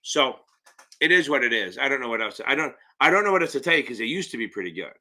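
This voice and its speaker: A man's voice: mid-range voice, animated, quick pace, sharp tone. A man running a live-stream Q&A as an exam prep tutor, talking bluntly, rambling and swearing casually as he answers viewers.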